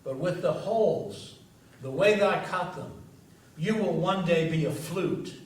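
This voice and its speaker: Patient old-world woodcarver, put on by a preacher, steady and reassuring, fairly high voice, heard from far off in a very echoey room. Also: male voice, a little slow. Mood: gentle reassuring. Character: patient male woodcarver explaining to his wood. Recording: echoey church from a distance.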